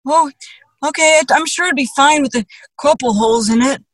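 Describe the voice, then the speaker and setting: A woman's voice: high-pitched, fairly quick, dry recording, lightly acted. A woman improvising a polite, naive Minnesotan boater who agrees to everything. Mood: naively agreeable. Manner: overly agreeable, nervous laughs.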